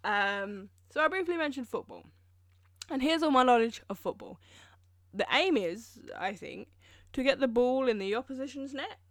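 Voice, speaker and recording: A woman's voice: sits high, animated, moderate pace, no room sound, clean studio sound. A young woman from England, telling rambling, self-mocking stories in a casual solo podcast, full of fillers. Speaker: podcast host. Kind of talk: casual monologue.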